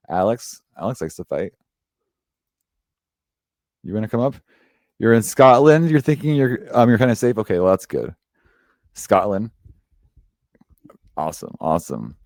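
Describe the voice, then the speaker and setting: Male host reading horoscopes, lowish voice, dry sound, loose and chatty with lots of "um" and restarts. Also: darkish tone, no room sound. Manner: rambling, chatty, full of fillers and self-corrections. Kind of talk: casual live-stream chat.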